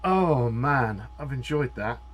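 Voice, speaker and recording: A man giving live gameplay commentary, excitable and thinking aloud as he plays. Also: medium pitch, slow pace. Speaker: streamer.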